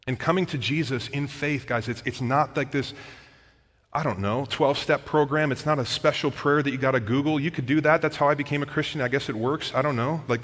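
A man's voice: medium pitch, steady tone, fairly quick. Man preaching a sermon in a reverberant hall. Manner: earnest preaching that swells loud and drops quiet, with asides to the congregation. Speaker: pastor. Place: church sanctuary.

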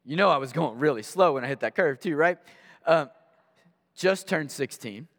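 A man preaching a sermon, telling personal stories in an animated way and acting out the voices in them. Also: fairly high pitch, moderate pace. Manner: animated storyteller, acts out voices in anecdotes. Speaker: guest pastor. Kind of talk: storytelling sermon. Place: church sanctuary. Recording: long reverb of a large hall.

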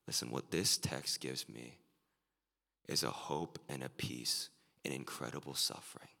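A man preaching an earnest sermon as a pastor, his voice turning excited and emphatic at times. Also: very deep voice, measured pace, creaky. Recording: live sermon with long hall reverb.

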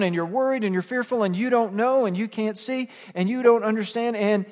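A male pastor with a high voice delivers a sermon in a church sanctuary, and his words ring out with a long hall reverb. He talks conversationally, dropping to soft asides and then building to emphatic, rising passages. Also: brisk.

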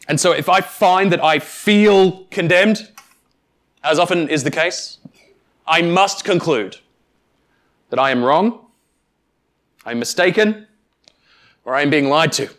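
Male pastor, sermon, emphatic, slightly higher voice, deliberate pauses. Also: expressive, fairly bright tone. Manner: emphatic, deliberate pauses, direct address to congregation.

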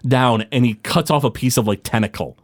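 A man's voice: medium pitch, a little fast, dry recording. A man running a tabletop game as game master, narrating loosely with many fillers and restarts. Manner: loose, full of fillers and restarts, laughs often.

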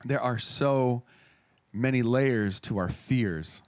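A man's voice: mid-range voice, slow pace. A man in his thirties preaching a sermon in an earnest, conversational way, often restarting his phrases.

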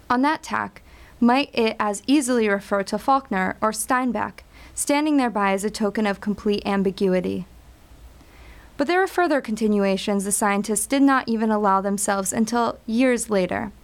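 A woman reading a scripted story in a measured, wry storytelling voice. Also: mid-range voice. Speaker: narrator.

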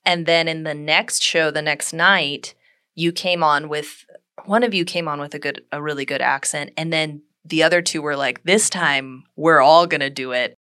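A woman co-hosting a casual improv podcast, thoughtful and slightly halting. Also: sits low, fairly even intonation, pushed and bright, clean tone, no echo, studio quality.

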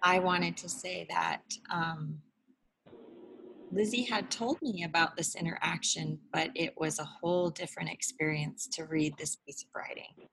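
Very low-voiced woman host, noisy line. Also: steady tone, unhurried, creaky, fairly bright tone. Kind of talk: casual chat. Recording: noisy recording.

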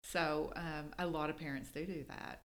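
A woman telling stories in casual chat as a podcast co-host, animated when she quotes people. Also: sits low, moderate pace. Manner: storytelling, animated when quoting.

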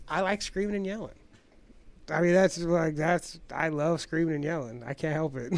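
A man's voice: fairly high pitch, steady tone, a little fast, gravelly. A man telling rowdy stories in casual chat, cursing and laughing often. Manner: loud, profane storyteller who laughs a lot. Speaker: podcast guest.

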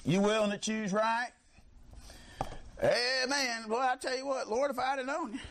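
A man preaching a fiery sermon, shouting, mocking and laughing as the congregation answers back. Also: extremely high pitch, moderate pace, slight background noise.

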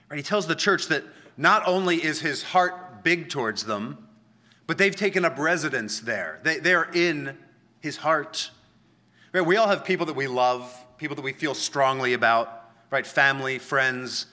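A man preaching a sermon, explaining scripture in a conversational teaching manner, checking in with the listeners and slowing down to quote verses with emphasis. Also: mid-range voice, sharp tone. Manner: conversational teaching, frequent "right?" tags, slow emphatic quoting of scripture. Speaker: pastor.

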